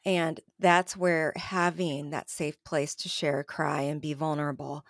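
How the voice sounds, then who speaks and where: Earnest, soft-spoken female podcast host. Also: low voice, level tone, measured pace, no room sound, clean studio sound. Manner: reflective, earnest, restarts often. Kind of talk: conversational podcast interview.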